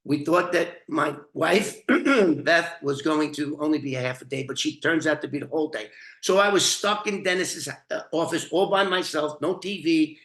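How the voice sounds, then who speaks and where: A man telling a story from his own past in casual talk, blunt and profane, often restarting and clearing his throat. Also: on the high side, normal speed, fairly bright tone, echoey room.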